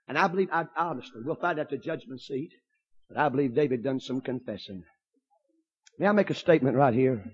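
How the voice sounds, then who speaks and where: A man preaching a fiery storytelling sermon, bursting into shouts and exclamations. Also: fairly high pitch, expressive, brisk, breathy edge, dull audio.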